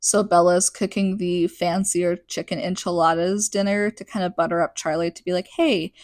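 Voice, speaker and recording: A woman's voice: fairly low pitch, flat delivery, moderate pace, darkish tone, dry recording. Chatty sarcastic woman recapping a book. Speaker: podcast host.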